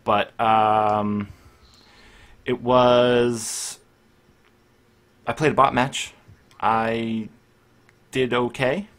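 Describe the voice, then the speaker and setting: A young man hosting a gaming podcast, recapping his week in a relaxed, easygoing way. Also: medium pitch, extremely slow, pauses often. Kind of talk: casual gaming chat.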